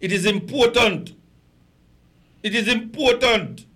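A man's voice: very high-pitched, slow pace, sharp tone. A man speaking as a guest on a radio talk show, passionate and emphatic, often stammering on repeated words. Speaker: guest, political activist.

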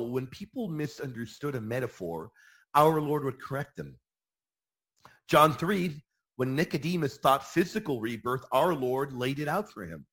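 A man hosting a Catholic radio program, answering listener questions with emphatic, energetic teaching and mock objector voices. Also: a little high, slightly rough. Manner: emphatic, animated, repeats key phrases with bursts of enthusiasm.

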